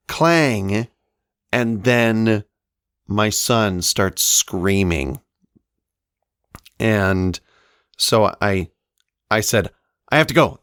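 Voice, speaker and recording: A man co-hosting a podcast, telling a family story in a slow, halting way with many fillers. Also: fairly low pitch, fairly bright tone, clear, resonant tone, dry recording, studio quality. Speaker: podcast co-host. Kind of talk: casual storytelling.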